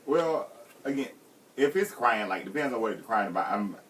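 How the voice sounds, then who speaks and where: A man's voice: mid-range voice, lively intonation, normal speed, fairly bright tone, recorded from a distance, a little hiss or hum. A man, guesting on a radio talk show and chatting playfully, teasing and laughing often. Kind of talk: joking casual chat. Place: radio studio.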